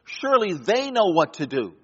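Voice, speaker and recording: A man preaching a sermon, swinging between loud, emphatic lines and hushed, quiet ones. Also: high-pitched, big pitch swings, moderate pace, breathy edge, lo-fi sound.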